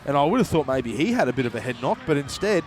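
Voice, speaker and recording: A man giving live play-by-play commentary at a local rugby league game, quick and jokey with his co-commentator. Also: medium pitch, very animated. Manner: brisk, jokey banter with co-commentator. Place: outdoors at a local sports ground.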